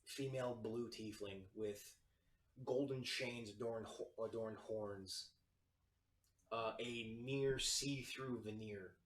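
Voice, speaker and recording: A man narrating a tabletop game as game master, halting with many fillers. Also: on the low side, a bit bright. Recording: roomy, distant mic.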